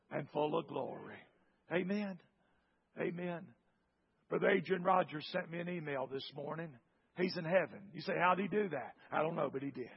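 A man preaching a fervent sermon and leading a prayer, his voice climbing toward near-shouting at the high points. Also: gravelly, husky, lo-fi sound.

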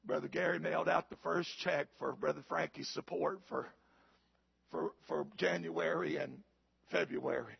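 A man, a pastor, preaching a sermon with a raspy voice, building to shouted climaxes and calling out to the congregation. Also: fairly high pitch, fairly even intonation, moderate pace, no room sound, lo-fi sound.

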